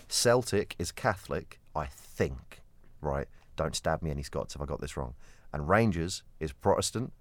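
A man's voice: low voice, no room sound. Chatty young man from Kent. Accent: southern English. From Kent, England. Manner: chatty, rambling, playful. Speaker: podcast co-host. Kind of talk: casual chat.

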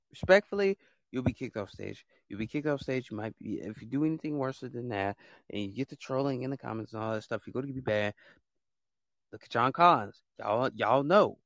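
A man hosts his own podcast, launching into a blunt, fed-up rant packed with repetition and casual slang. His voice is medium-pitched, and the studio sound is clean with no echo.

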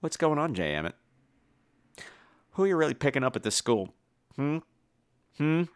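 A man's voice: on the high side, big pitch swings, normal speed, background noise. A man hosting a comedy podcast call-in segment in a teasing, mock-indignant style. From New York. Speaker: podcast host.

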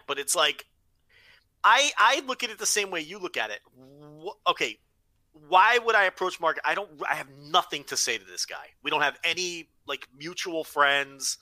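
A man's voice: on the high side, animated, moderate pace, bright, forceful tone, no room sound, poor audio. A man hosting a podcast, chatting casually with agreeable, rambling asides. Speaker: podcast host. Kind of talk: casual chat.

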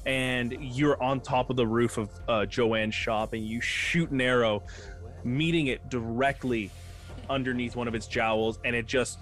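A man's voice: medium pitch, steady tone, measured pace, a bit bright, faint music behind. Casual man running a tabletop game. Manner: casual, loose narration full of fillers and restarts, counts dice aloud. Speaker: game master.

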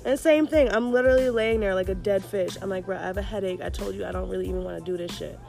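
A young woman in her twenties telling a story in casual chat, animated and profane, acting out the people she quotes. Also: medium pitch, quick pace, creaky, music in the background.

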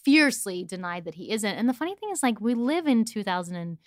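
A woman's voice: mid-range voice, sing-song, fast talker, no echo. A woman in her thirties trades celebrity gossip in a casual co-hosted chat. She is blunt and jokey and laughs easily. Her voice sits in a middle register and sounds close and dry. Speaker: co-host.

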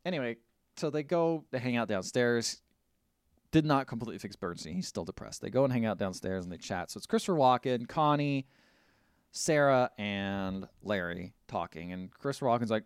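A man co-hosting a podcast, casually retelling a movie plot in an animated, rambling way. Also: medium pitch, normal speed, clean tone, dry recording, studio quality. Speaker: podcast co-host. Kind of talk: casual movie recap chat.

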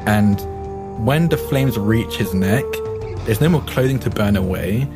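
Low-voiced man describing a transformation. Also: expressive, unhurried, over music. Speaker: player. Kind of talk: describing his character in a tabletop game.

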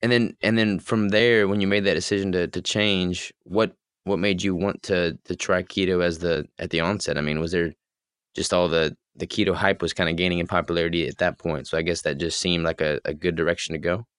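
A man's voice: low-pitched, steady tone, fairly quick, fairly bright tone, smooth, dry recording. A man hosting a podcast interview, asking loose, rambling questions with plenty of fillers. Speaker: podcast host. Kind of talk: interview conversation.

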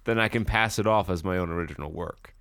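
A man's voice: sits low, fast, a bit bright, dry recording, studio quality. A man co-hosting a podcast, joking around in casual banter and laughing often. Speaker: podcast co-host.

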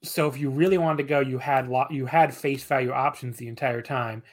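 A man in his thirties chatting as a podcast guest at an ordinary pitch. He rambles in an easygoing, self-deprecating way and hedges his points with lots of fillers. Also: steady tone, a little fast. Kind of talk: casual podcast chat.

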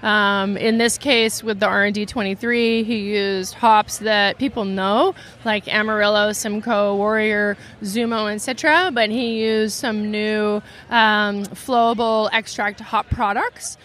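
A woman's voice: mid-range voice, steady tone, measured pace, hardly any pauses, fairly bright tone, a little hiss or hum. A woman from a brewery being interviewed at an outdoor beer festival, answering in eager detail with many ums. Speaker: brewery representative.

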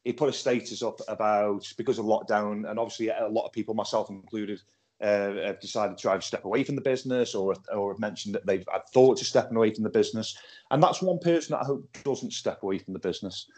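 A man's voice: fairly low pitch, quick pace. A man hosting a casual podcast chat over a Skype call, telling stories with lots of restarts. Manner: animated storytelling with repeated restarts. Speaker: podcast host and wrestling promoter.

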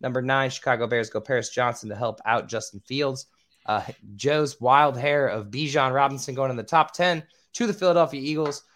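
A man's voice: medium pitch, fairly quick, fairly bright tone. Casual, swearing man hosting a podcast. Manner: casual, swears, stumbles over names. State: squeaky voice. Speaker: podcast host.

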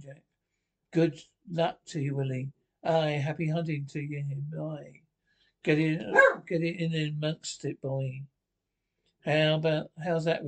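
An actor playing a coarse, cheeky Scottish pensioner in a TV sitcom, with gruff, sweary banter. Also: male voice, a little high, low-quality recording. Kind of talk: TV sitcom acting.

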